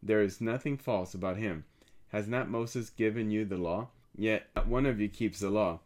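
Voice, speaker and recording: A calm, solemn teacher speaks in an earnest, measured way, as a man reads his words aloud. The voice sits fairly low and never hurries. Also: natural voice.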